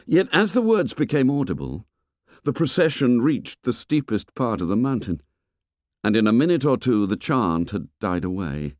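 A man narrating a novel in a measured, expressive storytelling voice. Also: medium pitch, no echo, clean studio sound. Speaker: audiobook narrator. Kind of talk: scripted narration.

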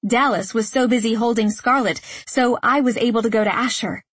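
Husky woman narrating an audiobook. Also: on the high side, brisk, a bit bright, dry recording. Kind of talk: first-person audiobook narration.

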